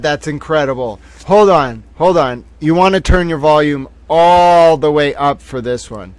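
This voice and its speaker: Man, livestream host, excitable, swears a lot, fairly high voice. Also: a little slow, hardly any pauses, slight background noise. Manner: excitable, profane, repeats himself. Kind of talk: casual commentary on played clips.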